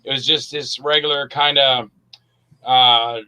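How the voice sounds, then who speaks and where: A man, an actor and director, chatting as an interview guest and telling animated stories. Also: medium pitch, measured pace, clear, resonant tone, low-quality recording. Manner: animated storyteller, acts out quotes. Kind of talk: casual interview chat.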